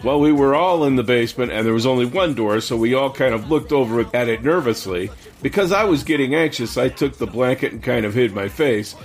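A man co-hosting a casual podcast, reading stories aloud in a steady way and laughing along. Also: mid-range voice, fairly quick, hardly any pauses.

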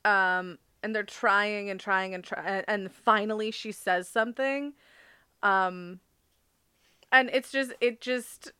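Bright, giggly young woman chatting. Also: on the high side, a little slow, clear, resonant tone, no echo, studio quality. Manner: emotional, giggly, lots of fillers. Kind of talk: casual movie discussion.

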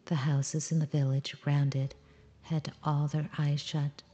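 A woman reading a children's story aloud in a calm, measured storybook style. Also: deep voice, dull audio.

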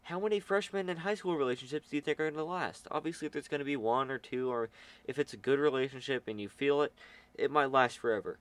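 A man's voice: mid-range voice, fast talker, a bit bright. A teenage boy chatting casually, telling a school story in a rambling way with many fillers. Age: teens. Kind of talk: casual chat.

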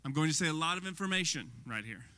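A man preaching a sermon in a lively, conversational way, often asking the audience questions. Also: fairly high pitch, fast. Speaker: pastor. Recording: long hall reverb.

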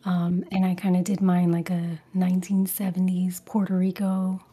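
A woman from Brooklyn with a softened New York accent, a guest talking in a whispered role-play style on an ASMR podcast. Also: lowish voice, completely flat delivery, moderate pace, breathy edge. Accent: neutralized New York. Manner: soft whispered chat with frequent laughs.

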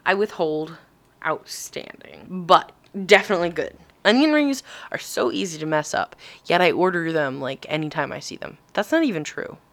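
A young woman chatting casually as a vlog co-host, giggly and animated as she tells stories. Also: on the low side. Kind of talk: casual chat.

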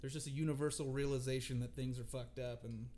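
Wry laid-back man, warm tone. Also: mid-range voice, steady tone, fast talker. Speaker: podcast co-host. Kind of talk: casual crude banter.

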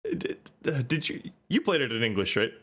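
An American man trades jokes in relaxed conversation, his pitch swinging up and down a lot. He speaks with a mid-range voice and a wry, teasing tone. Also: normal speed, slightly rough. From United States. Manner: joking, wry banter. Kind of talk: casual chat.

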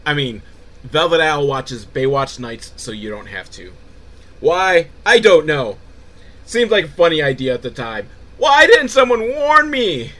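A man's voice: mid-range voice, expressive, unhurried, pushed and bright. A man hosting a comedic recap of a TV show, rambling and self-mocking, with sudden goofy swings in his voice. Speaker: podcast host recapping a TV show.

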